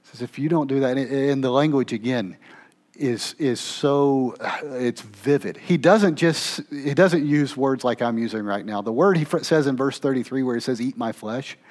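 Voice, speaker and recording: A male pastor preaching in a conversational, animated way. He pushes his voice up for emphatic lines, then drops low and soft for asides. He keeps checking in with his listeners and restarting phrases as he thinks aloud. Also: normal speed. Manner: conversational, with frequent "okay?" check-ins and restarts. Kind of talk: sermon.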